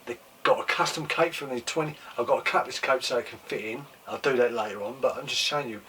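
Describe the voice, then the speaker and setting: Excited guy showing off a toy, losing his voice, mic a bit far off. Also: medium pitch, fast talker. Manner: excitable, repeats exclamations, swears freely. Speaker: toy collector and show host. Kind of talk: casual show-and-tell chat. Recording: mic set back from speaker, faint room noise.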